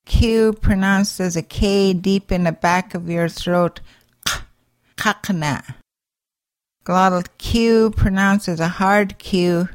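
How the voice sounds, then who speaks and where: A woman teaching a language's sounds, slowly saying each letter, its sound and an example word. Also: medium pitch, clear, resonant tone, no room sound. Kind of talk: slow pronunciation lesson.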